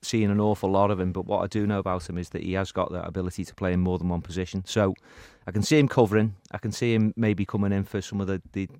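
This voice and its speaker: Brief: male panelist, low voice, measured and hedging, dry close mic. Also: flat delivery, darkish tone, dry recording. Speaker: podcast panelist. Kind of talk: casual football chat.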